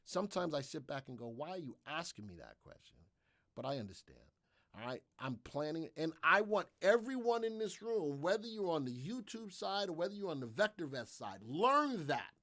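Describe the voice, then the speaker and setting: A man's voice: on the high side, big pitch swings, normal speed, fairly bright tone, no room sound, clean studio sound. A man hosting a live trading room, talking energetically and repetitively through his trades while answering viewers' questions.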